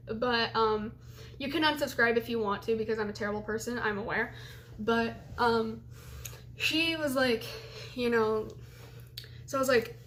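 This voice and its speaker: Young woman, high voice, angry storytime rant, faint room hum behind. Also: a bit bright. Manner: heated, swearing, retells quotes in others' voices.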